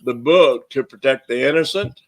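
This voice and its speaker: A man's voice: medium pitch, moderate pace. A man with a Southern US accent, a minister hosting the show, talking in a folksy, joking way. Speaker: minister and host. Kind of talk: casual chat.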